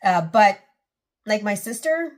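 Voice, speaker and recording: A woman in her forties talks straight to her viewers in a casual vlog, her voice at an ordinary middle pitch. She rambles earnestly, circling back and restarting her sentences. Now and then she is close to tears. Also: animated, takes it slowly. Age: 40s. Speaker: channel host.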